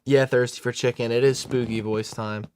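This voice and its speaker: A man's voice: mid-range voice, fairly even intonation, normal speed, clean tone. A man hosting a live watch-along, giving casual, joking commentary with chuckling asides.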